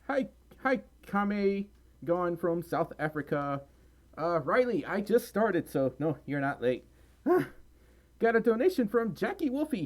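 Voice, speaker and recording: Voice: mid-range voice, darkish tone. A person hosting a casual home livestream, tired and a little out of breath, rambling and giggling while reading viewer messages aloud at a desk microphone. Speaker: livestream host reading chat and donations. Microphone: desk microphone close by.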